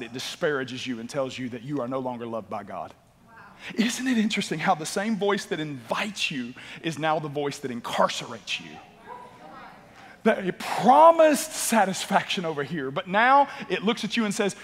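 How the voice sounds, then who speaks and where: A man preaching a sermon as a pastor, swinging from loud emphatic bursts to low quiet passages and repeating words as he builds a point. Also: very animated, normal speed, husky. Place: church auditorium. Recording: long hall reverb.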